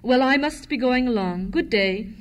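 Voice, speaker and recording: A woman voicing a courteous, curious elderly gentleman in top hat. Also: high voice, animated, moderate pace. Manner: courteous, mildly puzzled.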